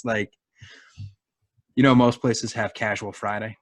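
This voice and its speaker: A man's voice: lowish voice, flat delivery, moderate pace, fairly bright tone, no room sound. A middle-aged man with a Boston accent, telling profane, sarcastic stories in casual chat. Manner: profane, ranting, sarcastic storytelling.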